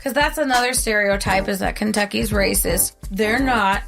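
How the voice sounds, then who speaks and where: A woman co-hosting a podcast, retelling a story in a heated, profane, animated way in casual chat. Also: medium pitch, moderate pace, vocal fry, music in the background. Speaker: podcast co-host.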